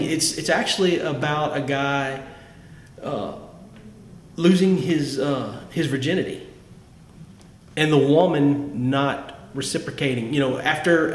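A man on a podcast, talking casually and with enthusiasm about favorite songs, often restarting his sentences. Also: on the high side. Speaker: podcast host. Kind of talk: casual music chat. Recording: echoey room, faint background noise.

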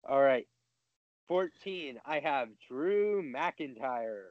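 A man's voice: medium pitch, animated, drawn-out words. A man co-hosting a casual podcast, cracking dry jokes. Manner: dry, wisecracking. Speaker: podcast co-host. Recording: dry, dull lo-fi mic.

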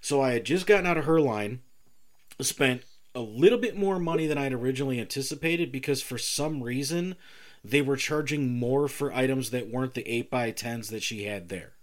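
Here a man co-hosting a podcast, medium in pitch and moderate in pace, tells a story during casual talk. He brings it to life by acting out each person's side of the quoted exchanges.

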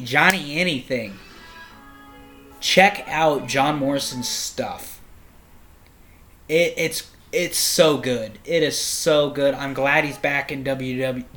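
A young man hosting a solo podcast, reviewing in a casual, rambling way, excitable and full of swearing. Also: medium pitch. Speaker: podcast host.

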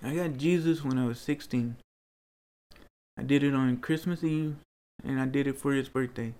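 A man's voice: medium pitch, steady tone, normal speed, darkish tone. A man being interviewed, telling personal stories in an earnest, rambling way that turns to pleading.

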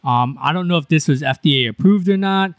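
Man, podcast co-host, slightly high voice, loose joking delivery full of fillers, dry close mic. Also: brisk, dry recording. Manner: chatty, joking, many fillers. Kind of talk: casual news chat.

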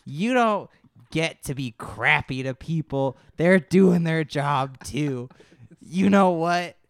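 A man's voice: a little high, expressive, takes it slowly, vocal fry, no room sound, heavily acted. A man playing an older woman talk-show host who lectures her guest emphatically. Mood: scolding.

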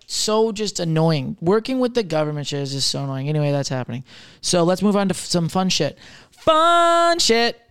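A young man riffs alone on his comedy podcast, rambling and cursing casually as he goes. His voice sits a bit high and comes through smooth and clear. The sound is close and dry, with no room around it. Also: no room sound. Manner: loose, rambling, swears freely, laughs at himself. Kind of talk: casual solo chat.

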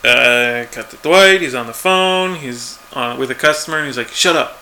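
Guy recapping a tv episode, bright voice, laid-back, faint hiss behind. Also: mid-range voice, normal speed. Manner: laid-back, chuckling, quotes lines from the show. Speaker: podcast co-host recapping a TV episode. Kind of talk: casual chat.

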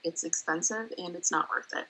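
A woman's voice: fairly low pitch, normal speed, bright, forceful tone, slight background noise, poor audio. A young woman guest in a casual chat, telling stories candidly and swearing casually. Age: young adult.

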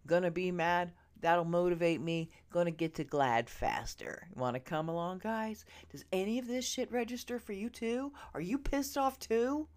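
A woman hosting a podcast, ranting straight at her listeners, swearing freely and swinging from loud outbursts to hushed asides. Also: on the low side, normal speed, few pauses. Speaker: podcast host. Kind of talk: ranting opinion monologue. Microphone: earbud listeners, close mic.

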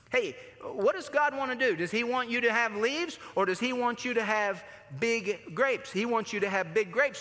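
Animated high-voiced man preaching. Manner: animated, acts out voices in his stories. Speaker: pastor. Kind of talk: sermon. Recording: long hall reverb.

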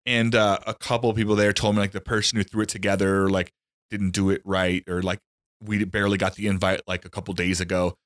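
A man in his thirties from New Mexico, chatting on a comedy podcast and telling stories with lively quoted voices. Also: fast talker, dry recording, studio quality. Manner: animated storyteller, jumps high when quoting himself. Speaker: podcast host. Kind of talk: casual comedic chat.

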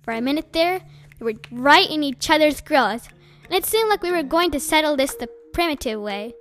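A woman narrating a novel chapter aloud with expressive storytelling. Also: high-pitched, normal speed, faint music behind. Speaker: audiobook narrator.

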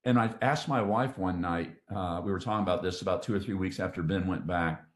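Male podcast guest, lowish voice, emotional testimony storyteller, roomy echo. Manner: earnest, emotional, halting with restarts. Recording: echoey room.

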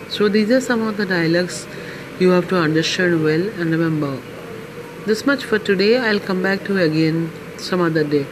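Woman teaching slowly over background noise. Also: medium pitch. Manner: slow, deliberate teacher, repeating words carefully. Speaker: Mandarin trainer. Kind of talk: podcast language lesson.

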